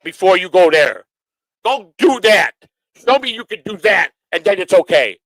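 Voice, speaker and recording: A middle-aged man hosts his own livestream. He rants at critics in a combative, profane way. His voice sits a little high for a man and is recorded close and dry, with no room sound. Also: very animated, moderate pace, fairly bright tone, dry recording, rough recording. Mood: angry. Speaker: livestream host. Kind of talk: angry livestream rant.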